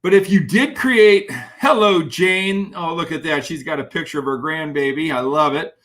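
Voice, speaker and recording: A man giving an energetic live-streamed motivational talk as a keynote speaker, greeting viewers by name as he reads their comments. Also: on the high side, moderate pace.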